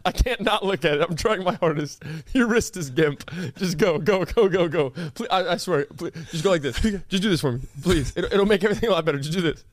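Teasing young man with a high voice. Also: dry recording, clean studio sound. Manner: teasing, quick jokes, swears. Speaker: podcast co-host. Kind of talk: casual podcast banter.

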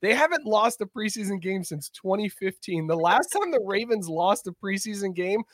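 A man hosting a casual sports podcast, loose and jokey and quick to laugh. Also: high voice, sing-song, no echo. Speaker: podcast host. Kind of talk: casual chat.

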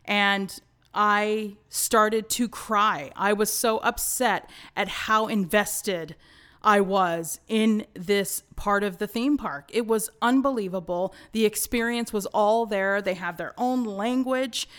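A woman in her forties telling stories as a podcast guest, excitable and laughing often. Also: mid-range voice, slow pace, clear, resonant tone. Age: 40s. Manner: excitable storyteller, bursts of laughter. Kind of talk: casual podcast chat.

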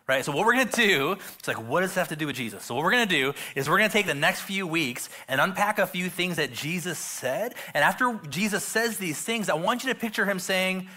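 Bright-voiced joking male pastor. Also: high voice, animated, fast, hardly any pauses. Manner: casual, joking, many fillers and restarts. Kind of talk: sermon. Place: church stage.

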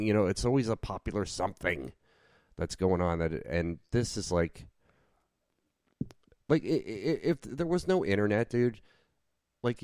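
Podcast co-host, easygoing man, deep voice, dry close mic, rambly casual chat. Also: darkish tone, dry recording. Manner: laid-back, rambling with many fillers.

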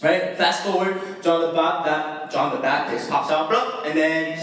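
A young man preaches a casual sermon, his voice sitting high and easy. He talks in slang and breaks into laughing asides. The sound rings around a big echoey hall and comes from some way off the mic. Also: measured pace, fairly bright tone, recorded from a distance. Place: church hall.

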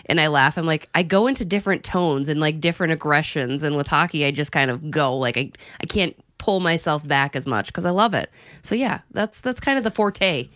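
Low-voiced lively female podcast guest. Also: a little fast, no room sound, studio quality. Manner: lively, joking, animated. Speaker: guest, hockey writer. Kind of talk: casual sports podcast chat.

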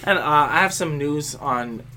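A joking man co-hosting a casual podcast and teasing the others as he talks. His voice sits a little high for a man. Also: moderate pace, sharp tone, slight background noise. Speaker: podcast co-host. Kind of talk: casual chat.

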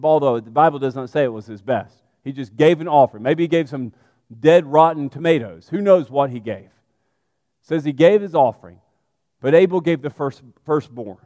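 A man preaching a sermon, animated and conversational, speaking straight to his congregation. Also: fairly high pitch, normal speed, no echo, big-room sound.

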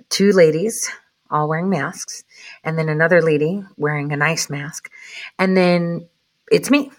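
Woman, lower voice, casual storytelling, swears freely, whispered asides, dry close sound. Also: fairly bright tone, no echo. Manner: chatty, profane, dropping into whispered asides. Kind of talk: casual anecdote.

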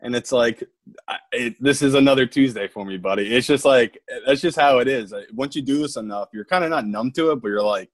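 A man co-hosting a podcast, talking sports bets in a relaxed, matter-of-fact way. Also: medium pitch, a little fast, dry recording. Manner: laid-back, calls people buddy and man. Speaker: podcast co-host. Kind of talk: casual sports betting chat.

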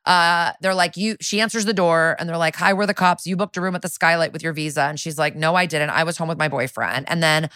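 A woman co-hosts a casual podcast and recaps a TV episode with a sarcastic edge. Her voice sits a little low. She acts out quotes in playful voices, and the recording sounds close and dry. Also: steady tone, fast, few pauses, a bit bright, no room sound. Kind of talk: casual chat.

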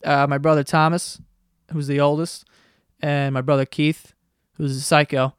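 A man's voice: a little high, flat delivery, moderate pace, clear, resonant tone, no room sound, clean studio sound. A man in his twenties hosting a solo podcast from his basement room, rambling and swearing casually with self-deprecating jokes. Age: 20s. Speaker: podcast host. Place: basement bedroom at home. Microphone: podcast microphone.

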